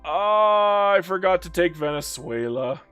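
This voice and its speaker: A man's voice: high voice, animated, a little slow, fairly bright tone, clean tone. A young Canadian man commenting playfully on a strategy game, reading chat and mock-scolding the game. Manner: playful, theatrical, talks to the game. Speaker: gaming YouTuber. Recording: faint background music.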